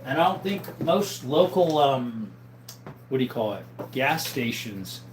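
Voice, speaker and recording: A man's voice: medium pitch, very animated, unhurried, background noise. A middle-aged man hosting a casual livestream on his phone. He chats, laughs often and reads viewer comments aloud. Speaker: livestream host.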